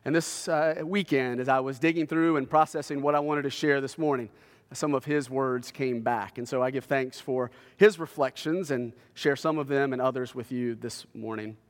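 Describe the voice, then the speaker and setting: A man preaching a sermon, earnest and measured, slowing and rising in pitch when he quotes scripture. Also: steady tone, big-room sound. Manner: earnest, slows and lifts his voice when quoting scripture. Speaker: pastor.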